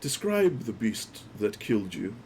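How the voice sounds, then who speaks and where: A man voicing a calm, courteous priest in a tabletop game, speaking politely and in measured phrases. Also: fairly low pitch, slight background noise.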